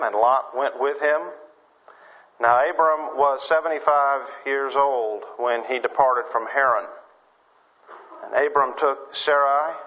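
A man preaching a sermon, reading scripture and then praying in a slow, measured way. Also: medium pitch, muffled recording. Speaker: pastor.

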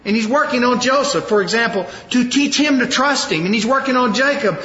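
High-voiced preacher in an echoey hall. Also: male voice, brisk. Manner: animated storytelling, acting out quoted lines. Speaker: pastor. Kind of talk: sermon. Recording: roomy hall, dull lo-fi sound.

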